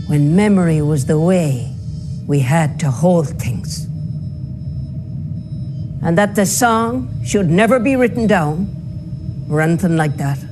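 An actress playing a solemn woman who guards an ancient cursed song, telling its story slowly and gravely in a film clip. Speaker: film character. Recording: film clip with loud music. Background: music and low rumble.

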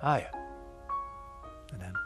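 A man's voice: slow pace, over music. A man presenting on radio, teasing and playful in banter.

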